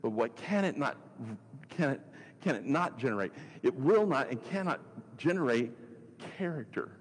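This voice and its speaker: A man's voice: medium pitch, lively intonation, normal speed, husky, long reverb tail. A man teaching as a pastor, earnest and probing, asking his listeners rhetorical questions and often restarting his phrases. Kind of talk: sermon podcast teaching.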